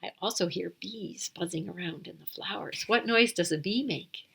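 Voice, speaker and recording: A woman's voice: fairly low pitch, normal speed, vocal fry, a bit bright, a little hiss or hum. A woman hosting a children's storytime, reading a picture book aloud, imitating animal sounds and asking the little listeners questions. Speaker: storytime host.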